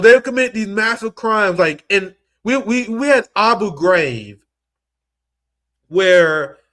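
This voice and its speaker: A man's voice: high voice, a bit bright. A young man giving heated, profane political commentary as a streamer, mocking and ranting at his audience.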